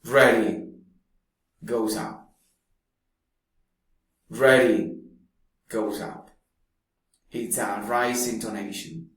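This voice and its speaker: A man teaching pronunciation in a slow, deliberate way, pausing often between phrases. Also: fairly low pitch, a bit bright. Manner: slow, deliberate, drawn-out speech with long pauses. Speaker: English teacher. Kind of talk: slow explanatory lesson. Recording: very echoey room.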